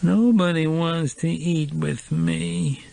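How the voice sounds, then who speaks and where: A man reading an audiobook, voicing a drunk, sleepy, lonely middle-aged woman who slurs slowly. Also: on the high side, steady tone, creaky, a little mellow, pitched above the performer's own voice, exaggerated voice. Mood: whining. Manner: slow sleepy whine. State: drunk, slurring.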